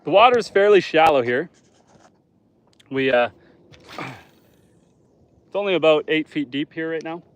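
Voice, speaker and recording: This man, a homesteader in northern Canada, jokes and chats with his livestream viewers while fishing outdoors at a lake. His voice sits on the high side with lively intonation, and he speaks a little slowly with long pauses.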